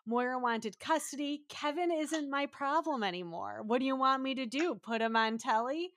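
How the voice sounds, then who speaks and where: A woman doing a gruff put-on Scottish dad. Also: high-pitched, normal speed, a bit bright. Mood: dismissive. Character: gruff Scottish father, dismissive middle-aged man.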